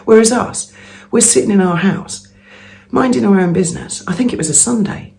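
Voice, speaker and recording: A woman's voice: medium pitch, normal speed, gravelly, mellow. A woman vlogger telling a gossipy story in a chatty monologue at home, laughing often. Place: at home early in the morning.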